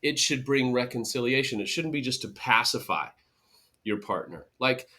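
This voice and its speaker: A middle-aged man hosting his own podcast, talking straight to listeners in an animated way. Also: mid-range voice, moderate pace. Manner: animated, mocks bad apologies in sarcastic voices. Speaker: podcast host. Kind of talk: solo podcast talk.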